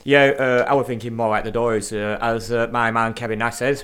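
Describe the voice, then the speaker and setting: A man with a Lancashire accent co-hosting a podcast in relaxed, joking casual chat, swearing casually. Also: medium pitch, normal speed, pauses often, clear, resonant tone. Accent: Lancashire English. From Lancashire, England. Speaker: podcast co-host.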